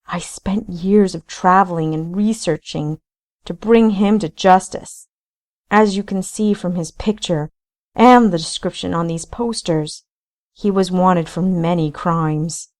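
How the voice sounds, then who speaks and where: A guilt-ridden bounty hunter pleading loudly, his voice quivering with anguish, as a woman reading the story puts him on. Slow, low-set delivery. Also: close to an everyday voice.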